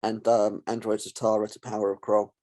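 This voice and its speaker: A man's voice: fairly low pitch, monotone, fairly quick, warm tone. A man joining a casual podcast chat as a guest, laid-back and blunt, swearing casually.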